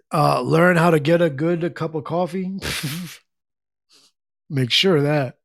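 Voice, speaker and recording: Brief: middle-aged male streamer, relaxed rambling chat, gravelly, slightly higher voice. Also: no room sound, studio quality. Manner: rambling, easygoing, reads chat aloud. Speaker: livestream host. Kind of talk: casual chat with viewers.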